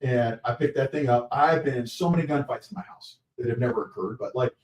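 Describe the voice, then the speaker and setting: Animated man, echoey and off-mic. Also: medium pitch, fast, distant mic. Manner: energetic, laughs often, acts out quotes. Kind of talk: animated storytelling. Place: live event venue. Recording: echoey, off-mic at a live show.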